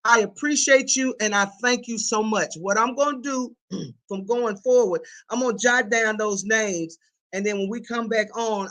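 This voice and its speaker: A woman hosting a casual livestream, reading viewer comments and chatting in an animated, colloquial way with lots of repetition and laughter. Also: a little high, poor audio.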